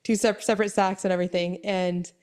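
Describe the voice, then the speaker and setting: Young pregnant woman, co-host, tired, lively storyteller who acts out the voices and laughs often. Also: mid-range voice, fast talker. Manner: chatty storytelling, animated quoted voices, frequent laughs. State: pregnant, exhausted from sickness. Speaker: podcast co-host. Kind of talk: casual chat.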